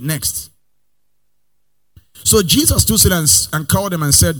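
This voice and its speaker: A man preaching a sermon in a sing-song cadence, swelling loud, then dropping soft and slow between Bible readings. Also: sits high. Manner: calls for Bible verses from assistants between readings.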